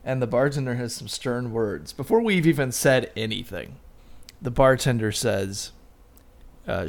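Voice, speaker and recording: A man's voice: mid-range voice, animated, a little slow, gravelly. Male podcast co-host, casual storyteller, easy laughs. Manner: storytelling, laughs often, trailing off quietly. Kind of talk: casual chat.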